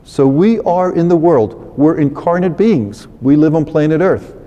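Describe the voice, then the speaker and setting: A priest giving a conversational, unhurried reflection on a scripture reading, explaining it to his listeners. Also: on the high side, warm tone, lo-fi sound. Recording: long hall reverb.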